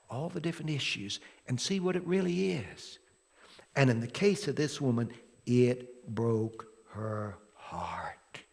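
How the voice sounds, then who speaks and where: Slow-preaching pastor in a reverberant church. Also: male voice, mid-range voice, gravelly, husky. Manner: dramatic storytelling, swings from loud to hushed. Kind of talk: sermon. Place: church sanctuary. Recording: long hall reverb from a church.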